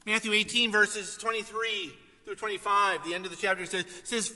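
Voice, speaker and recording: A man preaching a sermon to a congregation, swinging between loud emphasis and soft asides. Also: sits high, fairly even intonation, normal speed, few pauses, long reverb tail. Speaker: pastor.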